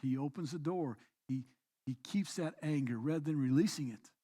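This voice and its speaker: A man pastor preaching a sermon, swinging between quiet reflective passages and emphatic, raised exhortations. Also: fairly high pitch, moderate pace. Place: church.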